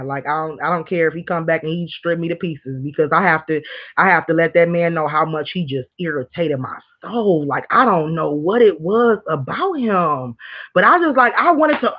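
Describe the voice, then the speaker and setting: A woman hosting a casual livestream, talking candidly to viewers and reading their comments, rambling and animated. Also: lowish voice. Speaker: livestream host. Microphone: streaming mic. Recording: dull lo-fi stream audio.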